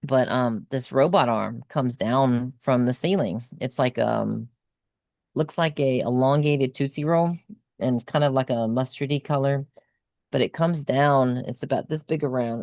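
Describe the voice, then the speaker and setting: A woman's voice: extremely low pitch, darkish tone, dry recording, clean studio sound. A woman guest on a video call, casually recounting a personal experience in a rambling way, with lots of ums and likes.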